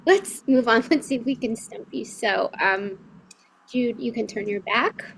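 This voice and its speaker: A woman hosting a virtual comedy game show, bubbly and excitable, talking over a video call. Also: a little high, a little slow, gravelly, breathy edge, low-quality recording. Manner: bubbly, excitable, cheers loudly. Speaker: host.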